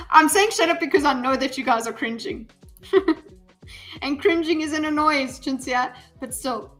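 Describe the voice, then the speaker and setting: A woman's voice: high voice, normal speed, a bit bright. A woman chatting to her viewers on a live stream. She rambles and fills her speech with ums and restarts. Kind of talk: casual live-stream commentary. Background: faint background music.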